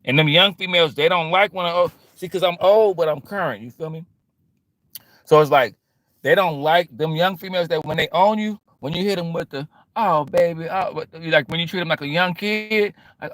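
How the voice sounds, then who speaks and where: A middle-aged man talks to his stream in a loose, slangy monologue and acts out bits of quoted back-and-forth. His voice sits a little high and comes across bright and forceful. The sound is dry and close. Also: brisk, no room sound. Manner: animated and slangy, acting out quoted exchanges. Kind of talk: casual monologue.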